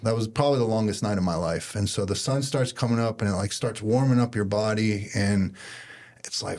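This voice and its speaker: A man's voice: fairly low pitch, darkish tone. A man, a podcast guest, telling a personal story in casual conversation and acting out his own thoughts.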